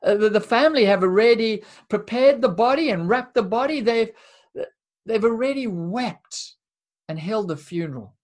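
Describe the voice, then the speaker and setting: A woman preaching a sermon in an earnest, emphatic way, with dramatic pauses and repeated words. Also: on the high side, animated, darkish tone.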